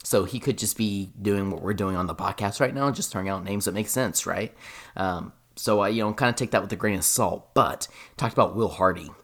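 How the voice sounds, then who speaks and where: A man's voice: fairly low pitch, fairly quick, fairly bright tone. A man co-hosting a casual sports podcast, thinking aloud in a rambling way with lots of fillers. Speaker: podcast co-host.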